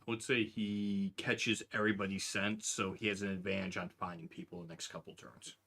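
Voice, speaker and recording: A man's voice: low-pitched, little pitch movement, a little fast, vocal fry, pushed and bright. A man narrating a tabletop game as game master, playful and teasing with his players.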